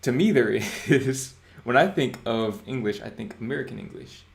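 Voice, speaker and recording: A man in his twenties hosting a casual livestream chat, relaxed and reading chat aloud. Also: medium pitch, normal speed, gravelly, roomy sound. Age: 20s. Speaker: livestream host.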